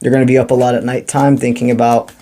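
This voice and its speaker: A man giving a spiritual tarot reading to camera, talking in a calm, encouraging and mystical way with casual slang. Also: medium pitch, quick pace, a little hiss or hum. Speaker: tarot reader.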